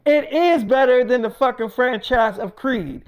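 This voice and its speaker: A man voicing a brash online fan who rants in excited, profane bursts and keeps repeating the praise, higher and louder than his own voice. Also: a little slow, clear, resonant tone. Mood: hyped. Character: hyped fan reviewing a show online, brash and loud.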